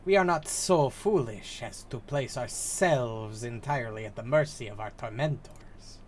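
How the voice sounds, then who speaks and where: A stern, proud envoy of a serpent folk, voiced by a man reading along with a game. She speaks slowly and formally in a put-on accent, measured and wary. The pitch sits in an ordinary middle range. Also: slight background noise, close to an everyday voice. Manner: slow, formal, measured delivery.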